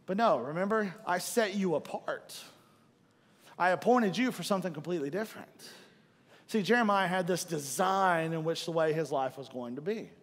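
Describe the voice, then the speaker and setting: Middle-aged male pastor, high voice, animated sermon storyteller, live church hall reverb. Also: moderate pace. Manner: animated storytelling, acts out own frustration.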